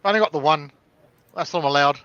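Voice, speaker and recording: Bright-voiced New Zealand man on a call. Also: fairly high pitch, fast talker, clean tone, no echo, dull audio. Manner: good-natured, self-deprecating banter. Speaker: regular stream guest. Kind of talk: casual call-in chat.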